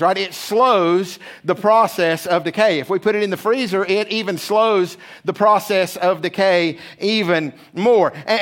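A man with a high voice preaches to his congregation in a church. His delivery is emphatic and conversational, and he keeps checking in with his listeners. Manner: emphatic preaching, often tagging phrases with "right?". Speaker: pastor. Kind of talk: sermon.

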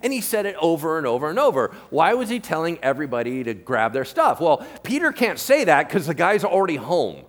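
A man who is a pastor, preaching a sermon in casual, animated storytelling style, acting out biblical characters in everyday modern voices and often asking the congregation to agree. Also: a little high, a little fast, hardly any pauses.

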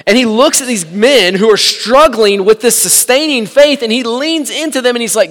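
A man preaching a sermon, animated, acting out the people in the story with sarcastic asides. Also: very high-pitched, moderate pace, hardly any pauses. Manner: animated, acts out quoted dialogue, sarcastic asides. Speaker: pastor. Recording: long hall reverb.

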